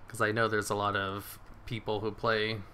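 Bright-voiced excitable gamer man. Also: on the low side, moderate pace, a little hiss or hum. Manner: excitable, swears, laughs often. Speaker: gaming streamer. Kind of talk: live game commentary.

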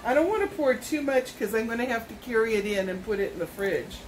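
A woman's voice: fairly high pitch, animated, quick pace, slight background noise, poor audio. A woman, vlogging a casual product unboxing at home, chatty and rambling with self-corrections. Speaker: YouTube vlogger.

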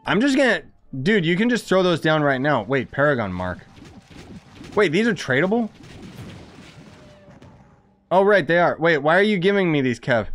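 Excitable young man streaming a game. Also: fairly high pitch. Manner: excitable, chatty, thinking aloud. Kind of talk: casual live-stream commentary. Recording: dry close sound with faint music.

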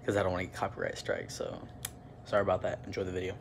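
A young man vlogging while out hunting for toys, rambling quickly and raising his voice over loud music in a big store. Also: deep voice, huge pitch swings, vocal fry. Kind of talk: casual vlog chat. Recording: noisy store sound behind.

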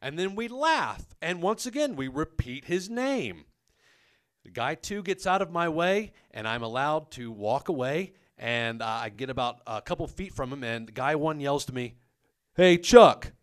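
A man telling a comic personal story on a podcast, animated and self-mocking, with his voice leaping up on quoted lines. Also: medium pitch, moderate pace. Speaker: comedic storyteller.

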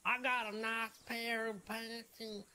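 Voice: medium pitch, flat delivery, pushed and bright. Someone doing a dim backwoods creature peddler. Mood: haggling. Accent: American Southern country. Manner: slow, rambling, simple-minded haggling. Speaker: roleplay character.

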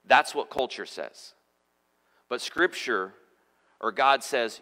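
Male pastor preaching casually to a congregation, bright voice, echoing church hall, frequent restarts. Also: mid-range voice, animated, slow, pauses often. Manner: conversational preaching with frequent restarts and repeated words. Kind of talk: sermon. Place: church sanctuary.

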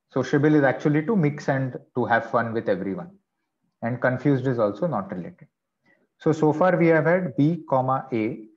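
A man's voice: medium pitch, highs cut off. A man teaching vocabulary in an online class, explaining patiently with chatty asides. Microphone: video call.

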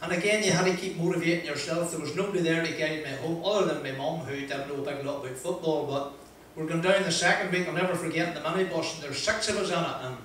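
A man's voice: fairly high pitch, quick pace, few pauses. Northern Irish man telling stories in an echoey hall. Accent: Northern Irish, Ballymoney. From Northern Ireland. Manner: broad, lively anecdotal delivery, acting out dialogue. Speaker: motivational speaker. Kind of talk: humorous storytelling speech. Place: event venue with audience. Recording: echoey hall, distant mic, faint noise.

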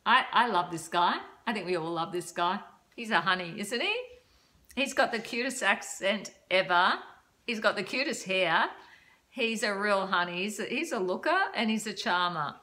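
Older woman, vlog dating advice, casual chat, bright tone, laughs a lot, self-deprecating. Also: mid-range voice, moderate pace. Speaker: vlogger giving dating advice.

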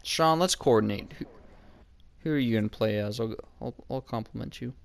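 A man's voice: mid-range voice, moderate pace, creaky. A man playing a video game, talking strategy with his teammate over a headset, with now and then a frustrated outburst. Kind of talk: team voice chat during play.

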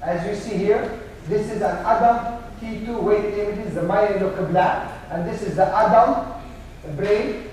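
Middle-aged guy lecturing, lots of uhs, mellow voice, far off in a big echoey hall. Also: high-pitched, slight background noise. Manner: halting, many fillers, dry jokes. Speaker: neurologist lecturer. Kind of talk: medical lecture. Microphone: room mic, often away from it.

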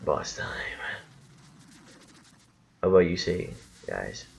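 Low, slow-talking man gaming. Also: sing-song, creaky, slight background noise. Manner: rambling, swearing, lots of restarts. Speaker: gaming channel host. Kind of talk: casual gameplay commentary.

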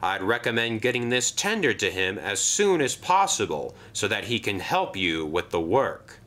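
A man's voice: on the low side, big pitch swings, normal speed, bright, forceful tone. A man voicing a stern, commanding railway controller.

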